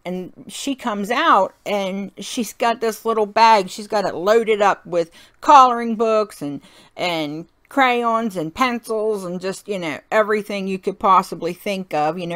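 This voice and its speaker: A woman's voice: mid-range voice, measured pace, a bit bright. A woman hosting a card-making tutorial, talking in a chatty, folksy way while she works and laughing often. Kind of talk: casual crafting tutorial narration.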